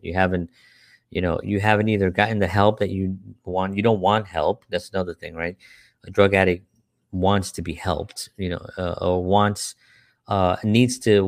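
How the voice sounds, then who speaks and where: A man's voice: sits low, no echo, studio quality. A man who works with a church, telling earnest, rambling personal stories with many rhetorical questions. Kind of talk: personal storytelling talk.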